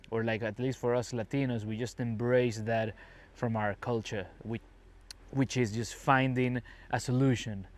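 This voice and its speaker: A man from Venezuela with a Venezuelan Spanish accent hosts a casual podcast for English learners. He talks in a chatty, relaxed way at a medium pitch and slips into acted-out dialogue now and then. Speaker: English teacher and podcast host.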